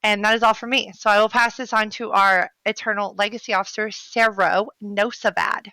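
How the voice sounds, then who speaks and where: Woman, guild leader hosting a voice-call meeting; bright, dry, chatty and upbeat. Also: mid-range voice, fairly even intonation, fairly quick, no room sound, poor audio. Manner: chatty, upbeat, self-correcting. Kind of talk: casual group call.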